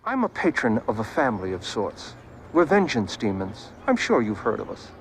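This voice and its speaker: A suave demon patron. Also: male voice, medium pitch, huge pitch swings, normal speed, a little hiss or hum, rough recording. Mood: smooth recruiting. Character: courteous male demon patron, recruiting.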